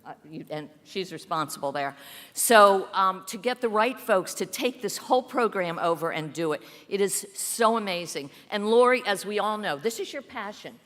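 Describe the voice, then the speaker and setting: A woman's voice: mid-range voice, animated, normal speed, a bit bright. A woman giving an emotional, gushing acceptance speech in a hotel ballroom with an audience. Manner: tearful, gushing, emotional thanks. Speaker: award recipient. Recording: hall reverb with faint crowd.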